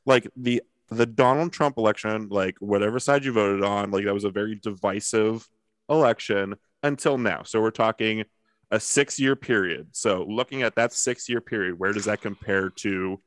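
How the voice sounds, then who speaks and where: Low-voiced easygoing podcast host, dry sound. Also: male voice, normal speed, dry recording. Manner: easygoing, questioning, filler-heavy. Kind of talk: casual podcast chat.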